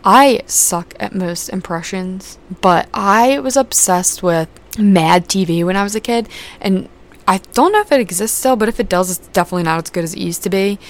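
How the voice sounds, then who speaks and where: A woman's voice: medium pitch, moderate pace. Young woman podcast host just rambling, swears a lot, lots of "like", normal mid voice. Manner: rambling, fillers and casual swearing. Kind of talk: casual chat.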